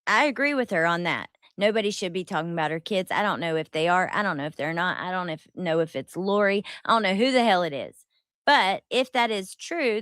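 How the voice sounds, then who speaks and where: A woman's voice: fairly low pitch, a bit bright, no room sound. A woman hosting a casual commentary stream, laughing a lot, swearing freely and rambling as she reacts. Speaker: streamer host. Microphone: headset.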